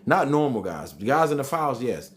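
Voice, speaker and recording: A man's voice: medium pitch, very animated, moderate pace, a little hiss or hum. A man hosting a live stream, reading chat comments aloud and arguing back with emphatic repetition. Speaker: livestream host reading chat.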